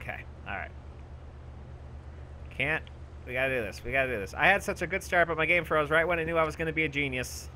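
A young man commentating his own gameplay, bragging goofily about being a genius and yelling for help in mock panic. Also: on the high side, fast, pauses often, slight background noise. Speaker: gaming YouTuber. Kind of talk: let's play commentary.

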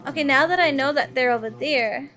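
Brisk and high-pitched with a bit of brightness, this woman's voice carries casual, foul-mouthed chatter with her stream chat as she plays a game.

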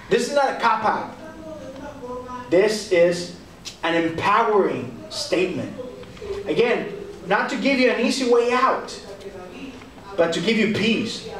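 A young man with a Texan accent leads a youth sermon in a casual, animated way, acting out little quotes. His voice sits high. It echoes around a church hall, heard from some distance. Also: a little slow. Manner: animated, conversational, acts out quotes. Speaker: youth pastor. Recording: echoey hall, speaker off-mic. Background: audience answering now and then.

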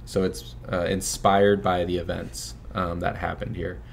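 Deep and gravelly, the voice of a young filmmaker comes at a measured pace over a faint hiss or hum. He's the host's son, guesting on a casual fundraising livestream, where he chats loosely with many fillers and frequent little laughs.

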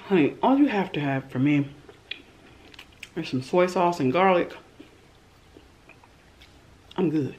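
A woman's voice: lowish voice, animated, slow pace, long pauses, darkish tone. A woman hosting a mukbang, taking her time as she tastes and talks, with lots of savoring murmurs between bites. Her voice swings up and down a lot as she gushes about the food. A faint hiss sits behind her. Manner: self-described shy. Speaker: mukbang host. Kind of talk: mukbang eating vlog chat.

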